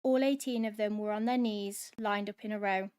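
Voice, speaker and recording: A woman hosting a book club, reading a novel aloud in steady dramatic narration. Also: medium pitch, normal speed, smooth.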